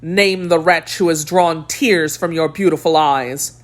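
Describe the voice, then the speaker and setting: A woman voicing a young male swordsman in an audiobook, earnest and flattering. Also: low-pitched, measured pace. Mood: ardent.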